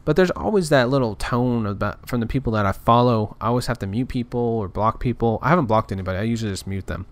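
A man's voice: medium pitch, quick pace, few pauses. A man talking in a casual, rambling rant, frustrated and full of restarts. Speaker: podcaster. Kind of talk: casual ranting monologue.

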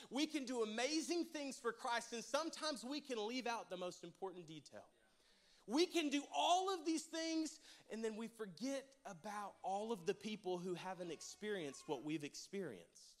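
A man with a high, light voice preaches in a church, spinning a funny personal story with lots of back-and-forth with the congregation. His delivery is animated and playful, then settles into earnest exhortation. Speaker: pastor.

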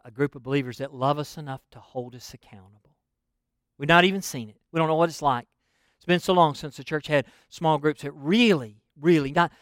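A man's voice: a little high, smooth, dry recording, clean studio sound. A middle-aged man preaching a sermon, telling folksy stories and laughing often as he goes. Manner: folksy, animated storytelling with laughs.

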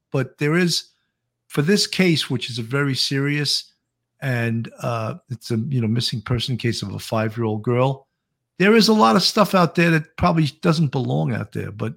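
A man, a retired police officer, co-hosting a live online show and giving measured, steady commentary. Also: a little high, creaky. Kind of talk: casual livestream commentary.

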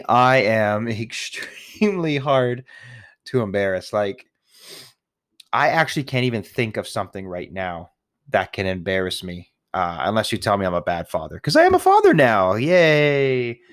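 A man's voice: on the low side, dry recording, studio quality. A young man, a new father, talking casually and candidly to the camera, rambling, swearing often and laughing at himself. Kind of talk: casual personal monologue.

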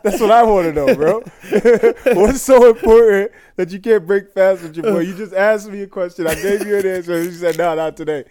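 A man's voice: high voice, moderate pace, few pauses, mellow. A young man co-hosting a casual podcast, playfully teasing his friend and laughing often. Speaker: podcast co-host. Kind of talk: casual chat.

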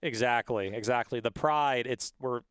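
Male podcast host, mid-pitch, teasing and loose, dry close sound. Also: moderate pace, a bit bright, clean tone, no room sound. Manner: joking, teasing banter. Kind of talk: casual podcast chat.

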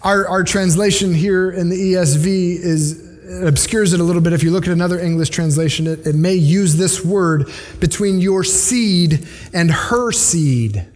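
A man preaches a sermon in an earnest, conversational manner and often breaks off for side notes. His voice sits high for a man. A long reverb hangs behind it, as in a large hall. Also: steady tone, a little fast, few pauses, darkish tone.

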